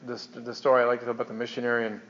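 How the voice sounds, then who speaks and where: A man's voice: medium pitch, level tone, very fast, a bit bright, dull audio. A man preaching a conversational sermon to his church, joking and restarting his sentences as he goes. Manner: chatty, joking, stumbling restarts. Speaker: pastor.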